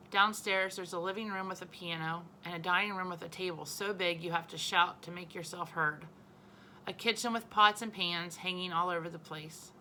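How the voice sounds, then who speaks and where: A woman teacher reading a children's novel aloud to her class in an expressive storytelling manner. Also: lowish voice, a little hiss or hum, low-quality recording.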